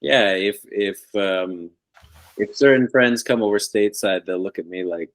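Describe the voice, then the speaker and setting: A man's voice: on the low side, unhurried. A middle-aged American man with a light Boston-New York accent, a guest in a casual interview, dry and self-deprecating, laughing often. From American East Coast, north of Boston.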